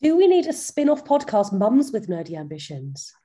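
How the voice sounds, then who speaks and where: A woman's voice: mid-range voice, very animated, moderate pace, warm tone. A woman guesting on a podcast, chatting casually with blunt jokes. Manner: blunt and joking. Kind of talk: casual chat.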